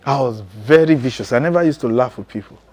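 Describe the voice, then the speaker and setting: A man preaching his testimony in a mid-range voice, neither high nor low. He talks with intense emphasis and punctuates his story with frequent chuckles. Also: quick pace, darkish tone, slightly rough. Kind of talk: testimony sermon.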